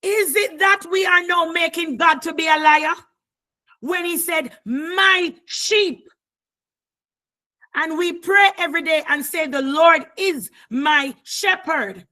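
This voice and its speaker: A woman preacher delivering a fervent sermon, repeating phrases and often raising her voice to a shout. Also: extremely high pitch, slow pace.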